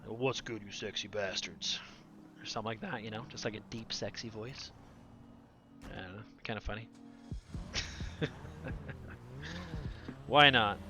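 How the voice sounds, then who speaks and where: A man's voice: fairly low pitch, a little slow, long pauses. A man in his forties chatting casually on a live stream; he talks nonstop, laughs a lot, and his voice sounds younger than his age and sometimes cracks. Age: 40s.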